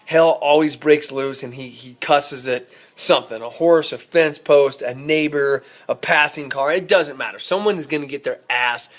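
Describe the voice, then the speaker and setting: Man, rodeo cowboy, folksy storytelling, animated, slightly high voice. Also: moderate pace, few pauses. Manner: folksy, animated, self-amused. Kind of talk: casual spoken storytelling.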